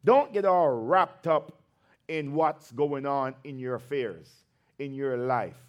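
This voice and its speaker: A man's voice: medium pitch, lively intonation, lo-fi sound. A male pastor preaching a sermon, drawing out his words for emphasis and breaking into conversational asides between scripture readings. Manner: slow, emphatic preaching with drawn-out phrases.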